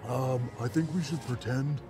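A man's voice: medium pitch, normal speed, over music. A man playing a tabletop game, laid-back. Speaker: player.

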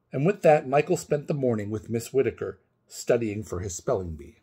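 Expressive man reading a picture book. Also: medium pitch, moderate pace, slightly rough. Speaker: storybook reader for kindergarten. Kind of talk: children's read-aloud narration.

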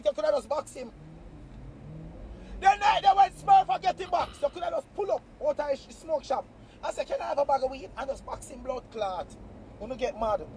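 High-pitched Jamaican man ranting loudly. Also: slight background noise. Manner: taunting, loud and profane, bursts into shouts. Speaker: live streamer. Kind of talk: heated live-stream rant.

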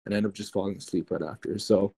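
A young man telling a spooky personal story in casual, animated speech, full of swearing and filler words. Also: on the low side, fast, vocal fry, husky, low-quality recording. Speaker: guest.

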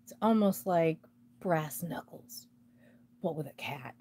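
A woman hosts a casual live jewelry sale, chatting to the pieces as she unboxes them and laughing often. Her voice is on the low side, dark and unhurried.

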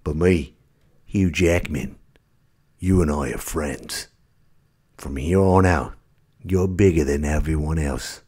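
A man doing an impression of an adult male movie star, speaking slowly and sincerely. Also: a bass voice, warm tone, slightly rough, voice pushed down, heavily acted. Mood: earnest.

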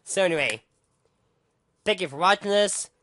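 A man's voice: high-pitched, normal speed, sharp tone, dry recording. A man ranting angrily into the camera, swearing a lot and tripping over his words with repeated restarts. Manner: heated, profane, stammering restarts. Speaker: vlogger. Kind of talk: angry rant monologue.

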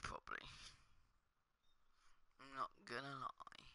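A man's voice: medium pitch, normal speed, sharp tone. A young man commenting casually on his own gameplay, swearing and muttering under his breath. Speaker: gaming streamer.

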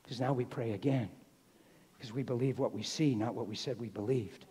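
A man preaching a sermon in a church, telling a story with lively acted-out dialogue. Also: mid-range voice, normal speed. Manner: storytelling, animated, acts out dialogue. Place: church hall. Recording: long reverb in a church hall.

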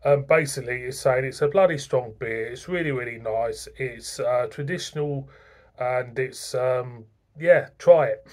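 A man's voice: mid-range voice, a little slow. A man reviewing beer in a chatty, self-mocking way, stumbling over foreign names. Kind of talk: casual beer review vlog.

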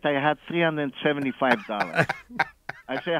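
A radio caller with a slightly high, gravelly voice tells a long story at a moderate pace, chuckling a lot and acting out the people he quotes. His animated phone-in comes through a dull phone line without echo.

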